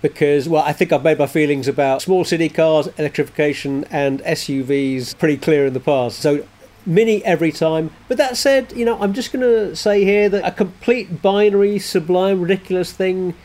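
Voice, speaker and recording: A man co-hosting a casual podcast discussion, giving measured, hedging opinions. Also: on the high side, fairly even intonation, a little mellow. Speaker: co-host.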